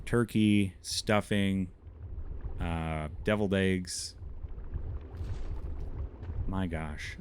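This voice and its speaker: Slow, deep-voiced Minnesotan-accented man streaming. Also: a little hiss or hum. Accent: Upper Midwestern (Minnesotan). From Montana, USA. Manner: chatty, answers chat while playing, laughs often. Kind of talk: casual gameplay commentary.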